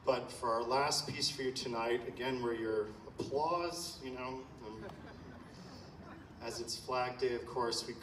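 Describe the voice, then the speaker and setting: A man's voice: medium pitch, unhurried, background noise. A man conducting an orchestra, thanking the audience from an outdoor bandshell stage in an effusive, chatty, self-deprecating way. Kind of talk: stage announcement at outdoor concert. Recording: echoey PA sound from far off. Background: applause and crowd ambience.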